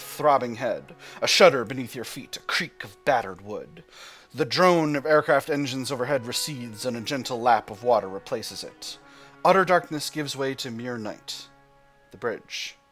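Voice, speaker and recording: A man's voice: mid-range voice, expressive, moderate pace, fairly bright tone, soft background music. A man hosting a let's play, reading the game's text aloud and thinking aloud about his choices, with frequent restarts. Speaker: gaming channel host.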